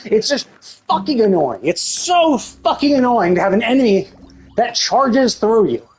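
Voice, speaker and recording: A woman's voice: on the high side, very animated, measured pace, a little hiss or hum. A woman streamer giving live gameplay commentary, swearing often as she rants about the game in exasperation. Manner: profane, exasperated ranting.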